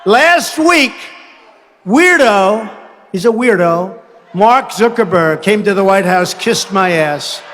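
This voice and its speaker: A man's voice: high voice, animated, slow, a bit bright, slight background noise. Mocking man in an echoing rally hall. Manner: mocking, rambling. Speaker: politician at a rally. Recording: distant rally clip with long reverb.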